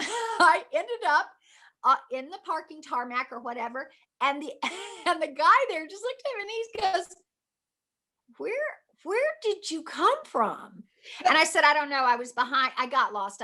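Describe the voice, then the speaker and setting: Bright, high-voiced woman telling an animated story. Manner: animated storyteller acting out her past self. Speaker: guest actress. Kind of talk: storytelling interview.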